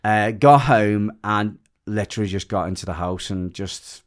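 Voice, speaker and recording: British male guest, low voice, casual rambling storyteller, emotional retelling. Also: moderate pace. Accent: British English. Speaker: podcast guest.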